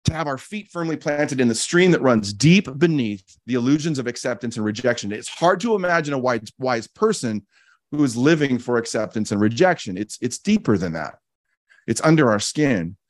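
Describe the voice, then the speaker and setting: A man with a slightly high voice talks through his ideas in a reflective, teaching way, the way a podcast host would. He is earnest, often restarts his sentences, and repeats key phrases for emphasis. The sound is dry and close, with no room echo. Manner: frequent restarts and casual fillers.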